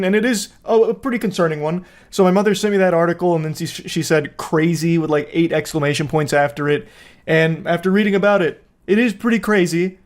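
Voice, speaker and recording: Dude ranting about internet stuff, kinda high voice, sarcastic, swears a lot. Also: male voice. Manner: sardonic, profane, jokey asides. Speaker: commentary host. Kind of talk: casual commentary.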